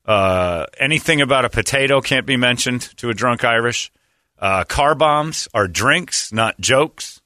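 A man spins comic stories on a podcast and acts out every quote with gusto. His voice sits low but sounds bright and edgy. The sound is dry and close to the mic. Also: normal speed, dry recording. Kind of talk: comic storytelling chat.

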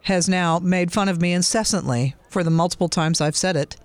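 A woman co-hosting a radio show in casual banter, playful and quick to laugh at herself. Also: on the low side, no echo. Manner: playful, laughs easily, self-teasing. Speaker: radio co-host.

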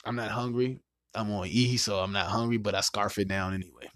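A man's voice: fairly low pitch, fairly even intonation, fairly quick, a bit bright, no echo, studio quality. A man hosting a podcast, telling a crude dating story in casual, profane chat, laughing and mimicking other people. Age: adult with a child. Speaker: podcast host.

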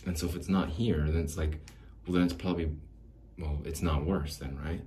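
Very deep-voiced rambling podcast man. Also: steady tone, moderate pace, dark tone. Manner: self-deprecating, wistful, rambling. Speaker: podcast host. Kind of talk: rambling solo podcast monologue. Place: small home studio. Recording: roomy echo, faint background hiss.

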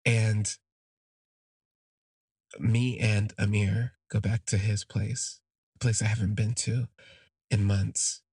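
A man's voice: lowish voice, flat delivery, takes it slowly, pauses often, a little mellow, breathy edge, no room sound, studio quality. A man hosting a podcast, telling a personal story in a rambling, heartfelt way with many fillers and restarts. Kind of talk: casual spoken storytelling.

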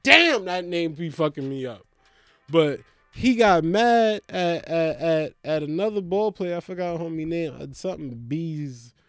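A man ranting in a profane stand-up comedy style, animated, swinging between mocking voices and loud outbursts. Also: fairly high pitch, measured pace, clean tone, no echo, clean studio sound, faint music behind.

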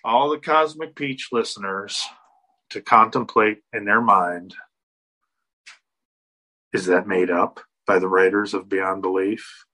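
A man's voice: on the low side, slow, pauses often, rough recording. A man casually telling a spooky story, acting out the people in it. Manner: animated, acts out quotes. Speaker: guest storyteller.

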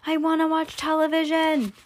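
A woman reading aloud and voicing a tiny shrunken boy who squeaks and whines. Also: monotone, normal speed, natural voice. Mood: whining. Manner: squeaky, whiny.

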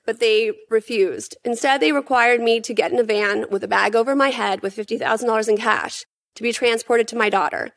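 A woman giving prepared testimony at a hearing, in an earnest, emphatic and measured way. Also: fairly high pitch, a bit bright.

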